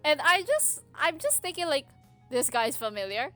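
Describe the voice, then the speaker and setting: A woman's voice: high voice, normal speed, soft background music. A young adult woman with a Filipino accent telling a candid personal story on her podcast, mixing English and Tagalog, swearing and laughing as she goes. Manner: animated, switches between English and Tagalog, swears freely, laughs. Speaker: podcast host.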